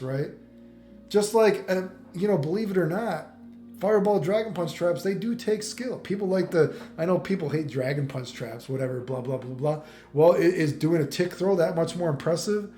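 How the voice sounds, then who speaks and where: A man's voice: a little high, dark tone. A man hosting a fighting game video, talking in a rambling, profane casual monologue. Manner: rambling, profane, many "you know what I mean". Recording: echoey room with faint music.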